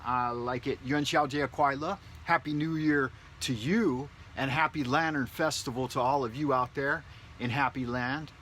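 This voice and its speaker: Bright-voiced man rambling casually. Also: medium pitch, steady tone, moderate pace, slight background noise. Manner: loose, profane, joking. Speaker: vlogger. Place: his home in a big city.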